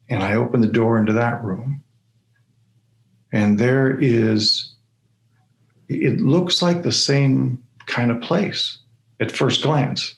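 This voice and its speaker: Slow gravelly guy telling his story at a conference, lots of stammery restarts, echoey room. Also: medium pitch. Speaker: conference speaker. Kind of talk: personal storytelling talk.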